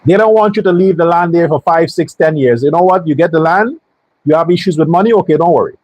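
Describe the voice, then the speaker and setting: High, husky-voiced man ranting. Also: quick pace, darkish tone, no room sound, low-quality recording. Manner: heated, blunt and profane; repeats rhetorical questions. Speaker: show host. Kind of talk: political commentary monologue.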